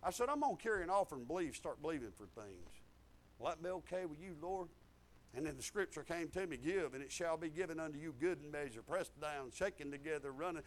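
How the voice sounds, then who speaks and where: A middle-aged man preaching a testimony sermon, swinging from shouted declarations to low, confiding asides. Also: animated, fast talker.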